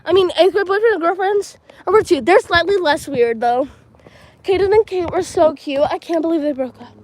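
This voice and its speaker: A woman's voice: very high-pitched, normal speed, slight background noise, poor audio. A teenage girl telling a long rambling story on a phone livestream while walking around a school playground, full of "like" and "um". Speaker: livestreaming vlogger. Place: outdoors at a school field and playground. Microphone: handheld phone.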